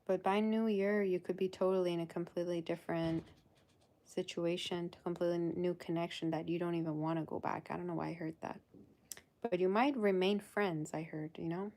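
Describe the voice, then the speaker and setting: Chatty and loose, this tarot reader works through a live reading with fillers, half-finished sentences, and repeated uses of "girl." She speaks fairly quickly in a fairly low, steady, slightly mellow voice.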